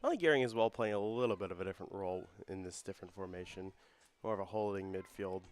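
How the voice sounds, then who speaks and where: A young man doing play-by-play for a student soccer broadcast. His voice climbs and quickens as the attacks build. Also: sits low. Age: young adult. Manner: rises and speeds up with the action. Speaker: play-by-play commentator. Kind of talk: student sports commentary.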